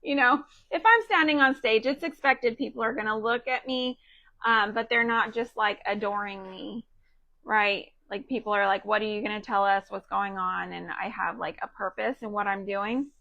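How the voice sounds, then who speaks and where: A woman's voice: fairly high pitch, moderate pace, sharp tone, dry recording, dull audio. A woman, around her thirties and from Texas, chatting casually and rambling with lots of fillers while she crafts live for her viewers. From Texas, USA. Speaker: craft livestream host.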